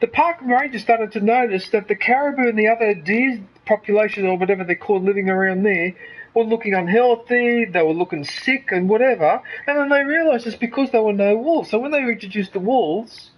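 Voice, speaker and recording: A man's voice: high-pitched, brisk, highs cut off. An Australian man streaming a game, ranting heatedly and swearing freely while talking to his live chat. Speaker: gaming streamer. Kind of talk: casual live-stream commentary.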